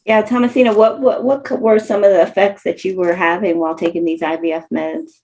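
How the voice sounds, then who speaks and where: A woman's voice: mid-range voice, steady tone, brisk, darkish tone. A woman hosting a podcast, asking questions and chatting supportively. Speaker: podcast host. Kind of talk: casual interview.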